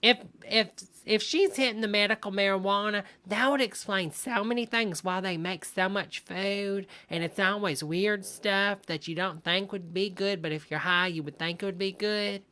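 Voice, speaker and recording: A woman's voice: medium pitch, fairly even intonation, normal speed, few pauses, bright, forceful tone. A woman hosting a livestream, giving sassy, gossipy comic commentary and calling everyone honey. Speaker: livestream host reacting to a video.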